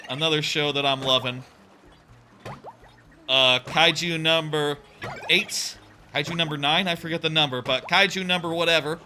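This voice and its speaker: A young man chats his way through a game, rambling from one thought to the next and swearing freely. His voice sits a little high and sounds bright and sharp. Faint game music plays underneath. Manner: rambling, chatty, swears casually. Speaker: let's play host. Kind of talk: casual gaming commentary.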